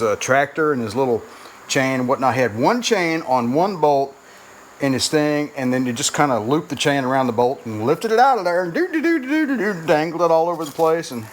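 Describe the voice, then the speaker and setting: A man hosting a garage vlog, rambling in a folksy, self-deprecating way while working in his home garage and driveway. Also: mid-range voice. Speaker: garage channel host. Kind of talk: casual workshop vlog narration. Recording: noisy garage recording with clanking.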